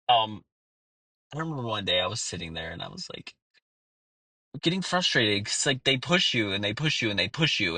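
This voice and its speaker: A man's voice: mid-range voice, pushed and bright, dry recording, low-quality recording. A man in his thirties hosting a podcast, talking in a candid personal monologue, blunt and earnest with plenty of swearing and fillers. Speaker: podcast host.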